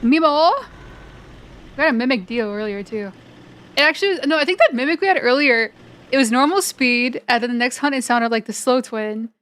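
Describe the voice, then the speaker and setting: A woman live-streaming a video game, chatting with viewers and explaining mechanics, her voice cracking and going hoarse. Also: fairly high pitch, brisk, a bit bright. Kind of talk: live gaming commentary.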